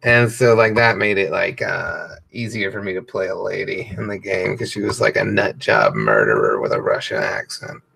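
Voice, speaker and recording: A comedian talking loosely and profanely while coloring on a stream, with lots of fillers. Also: male voice, sits low, expressive, normal speed, creaky, few pauses, bright, forceful tone, breathy edge. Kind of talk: casual rambling chat.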